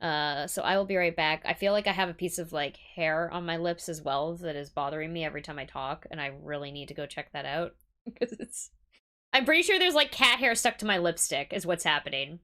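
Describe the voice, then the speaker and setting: Bright-voiced, giggly woman streamer, casual chat. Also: deep voice, brisk. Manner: chatty, giggly, rambling.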